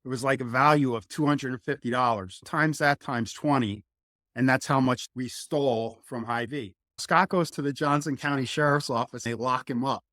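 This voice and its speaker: Animated middle-aged man telling stories. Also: medium pitch, normal speed, dry recording, studio quality. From New Jersey. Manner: animated, acts out quotes. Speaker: former college football lineman, guest. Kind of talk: casual interview storytelling.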